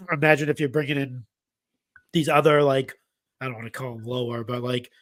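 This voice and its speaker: A man's voice: medium pitch, steady tone, normal speed. A man co-hosting a casual wrestling podcast, rambling with many fillers like "you know" and "uh". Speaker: podcast co-host. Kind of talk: casual chat.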